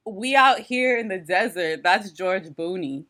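A woman's voice: mid-range voice, animated, a little slow, a bit bright. A woman co-hosting a casual podcast, talking in a loose, slangy way. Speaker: podcast co-host. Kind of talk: casual chat.

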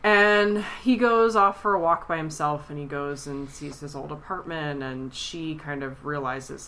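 A woman with a low yet bright, ringing voice chats casually as a podcast co-host. She is tearful and animated, slipping into high, squeaky impressions of the characters as she retells scenes. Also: unhurried. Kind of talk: casual chat.

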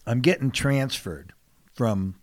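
A middle-aged man from San Diego telling candid personal stories in conversation, earnest and emphatic, dropping to a hush and then rising loud. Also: mid-range voice, animated, slow pace, dry recording. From San Diego, California. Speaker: guest, fisherman and TV personality.

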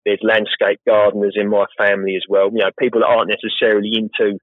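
A chatty man talks about his work in a relaxed, rambling way, poking fun at himself now and then. His voice sits on the low side. The sound is thin and phone-like, with no room echo at all. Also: fast. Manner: chatty, rambling, self-deprecating. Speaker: guest, professional gardener. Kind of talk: casual interview chat. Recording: tinny phone-like line, dry.

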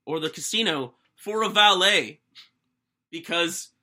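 A man voicing a young British man in a jokey, deliberately bad British accent, retelling a wild night in the first person. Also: high-pitched, pushed and bright, heavily acted. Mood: playful. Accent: bad put-on British. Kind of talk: comedic first-person plot recap.

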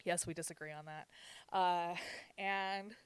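A woman's voice: lowish voice, steady tone, measured pace, smooth, no echo. A young woman telling gossipy family stories in casual chat, with lots of laughter and filler words. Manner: storytelling with frequent laughs and "like" fillers. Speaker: podcast co-host.

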